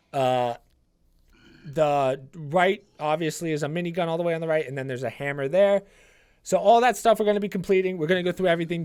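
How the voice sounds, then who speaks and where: A man with a somewhat raised voice narrates a game walkthrough for his channel. He talks casually and chattily, walking viewers through each step with frequent fillers. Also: a little high. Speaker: gaming channel host. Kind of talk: casual gameplay walkthrough commentary.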